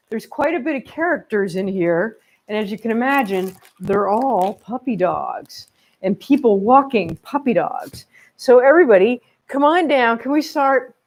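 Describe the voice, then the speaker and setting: Cheerful woman leading kids' yoga. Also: on the high side. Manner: upbeat, encouraging, speaks gently to young children. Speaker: kids yoga instructor. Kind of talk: children's yoga class. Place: home room with her dogs. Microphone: camera she set up herself.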